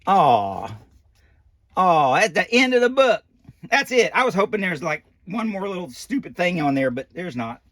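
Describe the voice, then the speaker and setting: A man's voice: high-pitched, sing-song, normal speed, fairly bright tone, no echo. A man reading a picture book aloud, breaking off for folksy, rambling, joking asides. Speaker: storybook reader.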